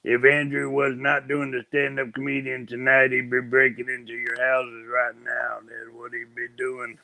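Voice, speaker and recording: A man's voice: mid-range voice, monotone, moderate pace, creaky, bright, forceful tone, low-quality recording. A man, co-hosting a livestream in playful, folksy banter. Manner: playful teasing, folksy drawl. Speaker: livestream co-host. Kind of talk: casual livestream chat.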